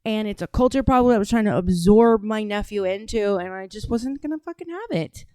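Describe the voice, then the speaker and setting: A blunt, opinionated woman from Atlanta hosting a podcast, swearing freely as she reacts to clips. Her voice is smooth and clear. It sits close and dry on the mic. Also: medium pitch, expressive, a little fast, darkish tone, no room sound. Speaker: podcast host. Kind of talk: casual commentary on played clips.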